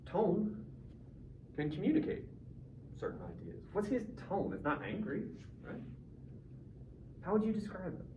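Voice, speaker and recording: His voice is high with wildly swooping pitch, and he speaks unhurriedly, pausing often. This male high school English teacher leads a relaxed, joking discussion and quizzes his class. The audio is distant, roomy, dull, and faintly noisy.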